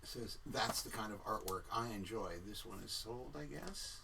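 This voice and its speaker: A co-host chatting casually and reading viewer messages aloud, with a playful, lively delivery. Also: medium pitch, normal speed, gravelly, distant mic, noisy background. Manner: lively, playful, reads chat aloud in animated voices.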